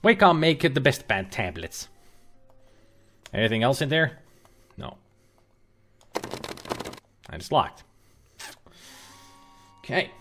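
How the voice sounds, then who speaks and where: A male game streamer talking casually and loosely, with fillers and restarts as he plays. His voice is mid-pitched and moves expressively, with plenty of rise and fall. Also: sing-song, slow pace, pauses often, fairly bright tone, soft background music. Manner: chatty, rambling, with frequent fillers and restarts. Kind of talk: casual livestream commentary. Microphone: webcam and laptop setup.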